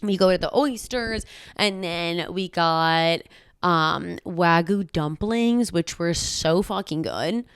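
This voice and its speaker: A woman from the United States chatting in a casual travel vlog, loud and outspoken, with a lot of "like". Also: lowish voice, slow, clear, resonant tone, dry recording, studio quality. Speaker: vlogger.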